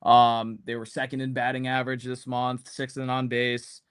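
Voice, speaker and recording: A man's voice: medium pitch, completely flat delivery, moderate pace, fairly bright tone, clean tone. Rambling man giving sports opinions. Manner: rambling, heavy on "um" and "you know" fillers. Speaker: podcast panelist. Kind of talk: casual sports commentary.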